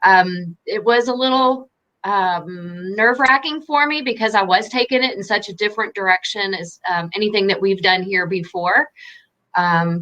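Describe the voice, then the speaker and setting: A woman's voice: medium pitch, bright, forceful tone. Giggly woman with a Southern Indiana accent. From Southern Indiana, United States. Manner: giggly, easygoing, many fillers. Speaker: guest. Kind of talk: casual chat.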